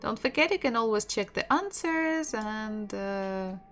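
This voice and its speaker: A woman with a Russian accent teaching an online language lesson, patiently repeating words slowly so learners can practice. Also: medium pitch, expressive, fairly bright tone, soft background music. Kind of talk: online language lesson, slow drilled pronunciation.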